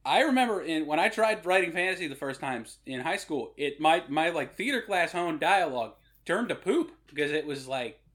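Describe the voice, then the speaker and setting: A man's voice: a little high, expressive, moderate pace, hardly any pauses, fairly bright tone. A man hosting a podcast, telling jokey anecdotes in casual conversation. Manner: joking anecdotal storyteller. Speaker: podcast host.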